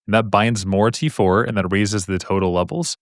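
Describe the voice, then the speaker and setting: A man with a fairly low voice walks through medical exam questions in a live stream. He talks in a casual, upbeat way, repeats himself for emphasis and throws in slangy asides. He sounds close and dry, with no room around him. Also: normal speed, dry recording.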